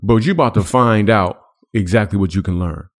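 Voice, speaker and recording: A man's voice: on the low side, fairly quick. A man co-hosting a podcast, joking and teasing his friend in casual banter. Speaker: podcast co-host. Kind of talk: casual comedic chat.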